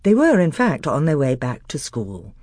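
A woman narrates a children's storybook in a low, husky voice. Her reading rises and falls with lively expression, recorded close and dry. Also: moderate pace, dry recording. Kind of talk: audiobook reading.

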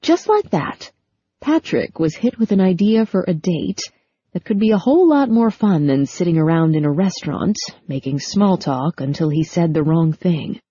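A woman narrating a novel in a measured storytelling manner. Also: fairly low pitch, lively intonation, mellow, husky, dry recording. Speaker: audiobook narrator. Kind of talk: scripted narration. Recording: dull lo-fi sound.

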